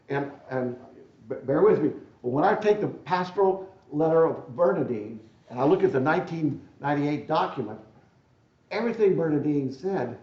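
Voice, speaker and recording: A man delivering a keynote at a conference in a rather high voice, folksy and repetitive, often asking "right?" and "okay?". His voice carries around a roomy hall, and the recording sounds dull and muffled. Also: darkish tone. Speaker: keynote speaker at a deacon assembly. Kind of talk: conference talk. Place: lecture hall.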